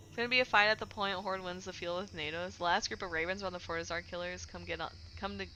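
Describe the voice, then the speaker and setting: A woman game streamer giving excited, chatty, slangy live commentary as she watches and plays. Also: lowish voice, slight background noise, poor audio. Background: background music.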